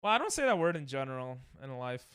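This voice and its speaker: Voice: medium pitch, very animated, fast talker, a bit bright, clean tone, no echo, studio quality. A young adult streamer chatting casually with viewers while playing, reacting to chat and laughing often. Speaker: Twitch streamer.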